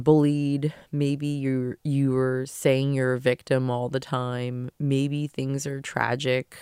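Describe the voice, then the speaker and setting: A woman's voice: a bass voice, darkish tone, smooth, no echo, clean studio sound. A woman hosting her own podcast, giving an earnest, emotional motivational talk and swearing casually. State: tearful at times. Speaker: podcast host.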